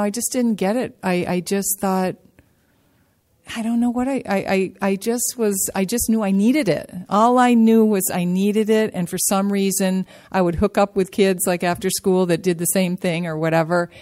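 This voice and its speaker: Speaking at a support-group workshop in a meeting room, a woman offers testimony about her recovery. She has a mid-range, slightly mellow voice with fairly level intonation, and her earnest delivery is halting and repetitive, full of restarts, hesitant pauses, and key words said again for emphasis.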